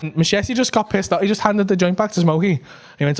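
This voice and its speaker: A man telling a story in stand-up, acting out the characters in shouted voices, recorded live in a comedy club with audience laughter. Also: high voice, fast talker.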